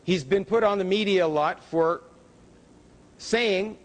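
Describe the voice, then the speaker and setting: Emphatic man lecturing in a reverberant hall. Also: slow. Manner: emphatic, rising pitch on key words. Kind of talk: public lecture with slides.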